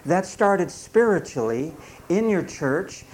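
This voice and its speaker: Man, sermon, slightly high voice, slow scripture reading, plain folksy asides, faint background noise. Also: expressive. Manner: reads scripture slowly then explains in plain folksy talk. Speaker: preacher.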